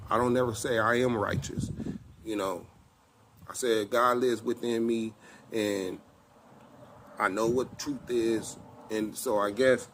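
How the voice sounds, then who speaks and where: A middle-aged man, telling a personal testimony in casual, animated speech and acting out both sides of an argument. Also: medium pitch, takes it slowly, pauses often, slight background noise. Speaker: self-styled apostle telling a personal testimony.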